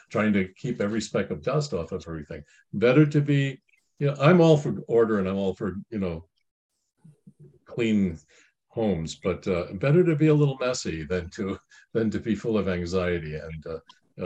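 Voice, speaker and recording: A man's voice: on the low side, mellow, muffled recording. Rambling, folksy middle-aged man. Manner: rambling, folksy, with many restarts and asides. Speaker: speaker giving Christian family counsel. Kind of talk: informal spiritual talk, commenting on a reading.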